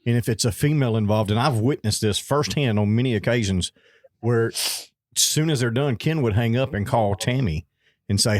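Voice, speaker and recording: A man's voice: mid-range voice, normal speed, no room sound. A man talking in casual podcast chat, earnest and repeating words as he goes.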